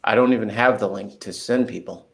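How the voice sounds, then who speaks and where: A man's voice: fairly low pitch, brisk, creaky, a bit bright. Joking man in a casual group chat. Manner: joking, giggly, playful. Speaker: guest.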